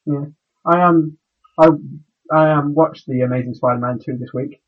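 A man co-hosting a casual podcast, talking in halting bursts and stumbling over his words. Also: a little high, narrow, tinny audio. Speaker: podcast co-host.

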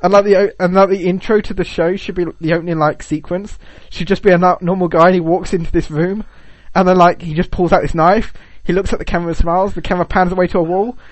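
A man's voice: high-pitched, steady tone, fast, few pauses, no room sound. A young man in casual chat, joking and acting out silly bits. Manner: playful, jokey, acts out silly bits.

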